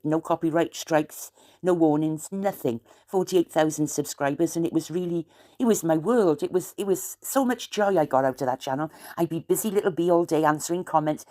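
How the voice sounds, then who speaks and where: Woman, South Welsh accent, deep-pitched, chatty, meandering vlogger. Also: a little mellow. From South Wales. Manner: chatty, wandering, aggrieved asides. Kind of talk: rambling late-night chat to camera.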